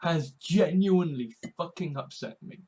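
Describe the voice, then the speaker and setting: A man from Britain, talking earnestly in a halting personal monologue, repeating words and swearing often. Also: a little high, dark tone, breathy edge, low-quality recording. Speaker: vlogger. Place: home.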